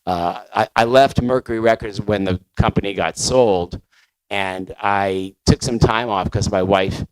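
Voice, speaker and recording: A man's voice: fairly low pitch, unhurried, clear, resonant tone, no room sound, low-quality recording. A middle-aged man, a record label founder, recounting his career in a loose conversational way with many fillers and restarts. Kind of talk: conference talk storytelling.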